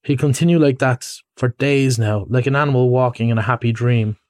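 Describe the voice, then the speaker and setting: A man's voice: mid-range voice, brisk, no room sound, studio quality, lightly acted. A man reading a storybook aloud, voicing a stern, practical male water rat who speaks firmly and sharply. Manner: firm, sharp, exasperated.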